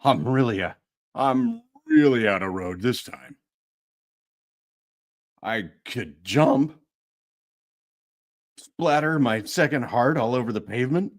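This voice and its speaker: A man's voice: medium pitch, animated, takes it slowly, long pauses. A man reading a first-person audiobook narration, restarting phrases to retake lines.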